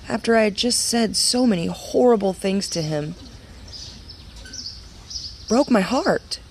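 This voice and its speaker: A woman's voice: medium pitch, slow, long pauses, a little hiss or hum. A woman in her thirties giving a personal faith testimony in an earnest, conversational way, full of fillers and restarts. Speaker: women's ministry speaker.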